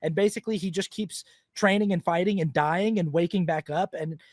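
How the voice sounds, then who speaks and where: A man's voice: sits high, brisk, no echo, studio quality. A man co-hosting a film podcast, talking through a movie in a rambling, casual way full of "like" and laughs. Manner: chatty, rambling, lots of "like" and laughs. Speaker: podcast co-host. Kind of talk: casual film review chat.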